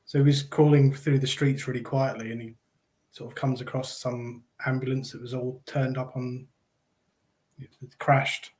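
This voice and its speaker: Male co-host, low-key and hesitant, casual movie chat, mid-range voice. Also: little pitch movement, moderate pace, darkish tone. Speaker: podcast co-host.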